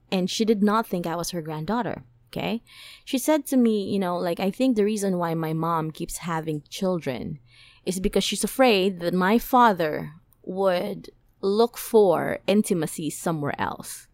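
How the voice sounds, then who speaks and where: With no echo on the recording, a mid-range-voiced young woman hosting a podcast tells a personal story. It's a casual monologue, chatty and emotional and packed with fillers.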